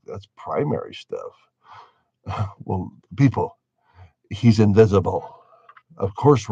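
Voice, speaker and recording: A man's voice: deep voice, mellow, slightly rough, dry recording. A man giving a casual spoken monologue on faith, musing wryly and laughing at his own points. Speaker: religious commentator. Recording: dull lo-fi dry recording.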